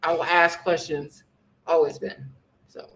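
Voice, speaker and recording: A woman co-hosting a live talk stream, reacting with laughs and quick exclamations. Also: low-pitched, steady tone, vocal fry, a little hiss or hum, low-quality recording. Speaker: livestream co-host.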